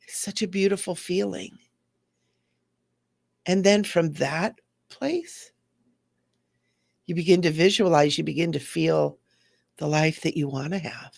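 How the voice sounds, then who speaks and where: Gravelly-voiced woman giving a spiritual teaching talk. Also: lowish voice, a little slow, pauses often, a little mellow, dry recording, studio quality. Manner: earnest, acts out quoted voices.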